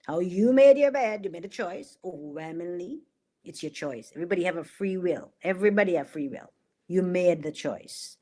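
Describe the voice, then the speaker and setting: A middle-aged woman hosts a political commentary livestream, her voice on the low side and warm, moving at a moderate pace. She's sarcastic and mocking, laughing at her own jokes and hammering points home through emphatic repetition.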